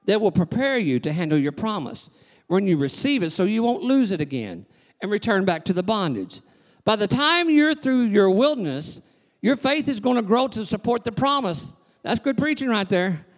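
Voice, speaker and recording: Male pastor preaching, real high voice that swoops all over, rhythmic call-outs, big echoey church. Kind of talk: sermon. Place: church sanctuary. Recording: long reverb of a large church hall.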